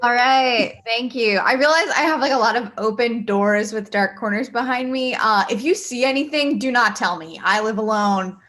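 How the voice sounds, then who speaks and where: A woman's voice: a little high, moderate pace, few pauses, a bit bright. A woman doing a stand-up set at an online open mic, wry and self-deprecating. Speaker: stand-up comedian.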